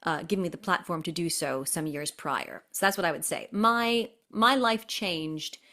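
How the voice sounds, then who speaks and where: Chatty woman telling animated stories. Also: fairly low pitch, normal speed. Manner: animated and chatty, slipping into voices. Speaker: guest performer and impressionist. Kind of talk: casual interview storytelling. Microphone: video call.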